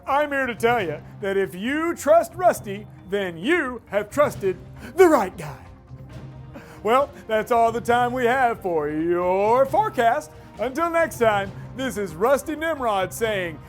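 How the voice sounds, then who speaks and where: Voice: medium pitch, big pitch swings, slow pace, faint music behind. A performer playing a boastful, smug male TV weatherman in a comedy skit, chuckling and showing off as he talks. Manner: cocky, chuckling, showy.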